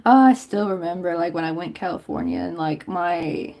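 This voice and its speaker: A woman's voice: lowish voice, normal speed, vocal fry, warm tone. A young woman from Tennessee with a light Southern accent, chatting casually and rambling while she crochets on a livestream. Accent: Southern American. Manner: chatty and rambling, lots of "like" and laughs.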